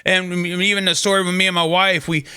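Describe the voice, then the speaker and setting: A man's voice: high-pitched, level tone, fairly quick, pushed and bright, clear, resonant tone, no room sound, studio quality. A man hosting a faith talk show, telling a personal story in an earnest, casual way with frequent restarts. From Kentucky.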